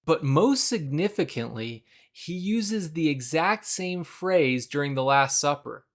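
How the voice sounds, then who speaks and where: A young adult man giving a measured, scripted explainer narration about a Bible passage, now and then acting out quoted lines. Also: a little high, expressive, a bit bright. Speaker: Bible video presenter.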